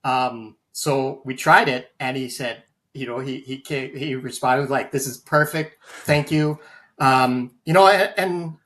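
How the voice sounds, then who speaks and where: Earnest man with halting, filler-heavy speech. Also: mid-range voice, a bit bright. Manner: earnest, many fillers and restarts. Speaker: guest, AI voice banking practitioner. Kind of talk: conversational interview storytelling.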